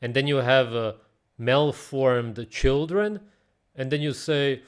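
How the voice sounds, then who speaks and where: A man's voice: medium pitch, slow, clean tone. Blunt, mocking male commentator. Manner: blunt, mocking, animated, swears. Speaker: reaction video host. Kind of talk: casual ranting commentary.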